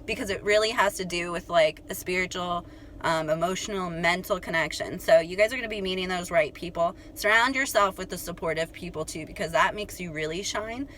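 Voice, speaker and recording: A woman's voice: on the low side, a little fast, a little hiss or hum. Chatty young woman vlogging to viewers. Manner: chatty, animated, full of "like" and "you guys". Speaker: astrology channel host. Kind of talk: casual storytelling to viewers.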